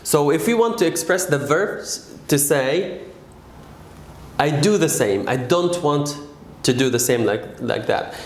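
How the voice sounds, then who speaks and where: A man teaching an English grammar lesson, patient and stressing key words slowly. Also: a little high, lively intonation, reverberant.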